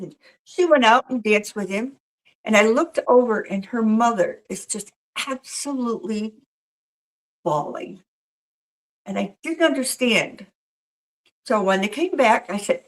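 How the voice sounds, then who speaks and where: A woman's voice: a little high, moderate pace, poor audio. A woman working as a professional Mrs. Claus tells a story in a casual interview, slipping into the voices of the people she describes. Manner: animated storyteller who acts out quoted voices.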